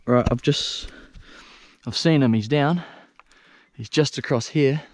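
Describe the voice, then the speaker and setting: New Zealand man, young adult, excitable, swears freely, outdoors on a steep hillside, action camera, mid-pitched voice. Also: slow, no echo. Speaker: hunter filming himself. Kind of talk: casual self-filmed commentary.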